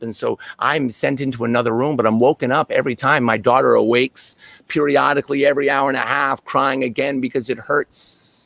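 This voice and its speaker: A man performing an earnest, reflective personal storytelling monologue with dramatic swings in pitch and loudness. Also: vocal fry, no echo.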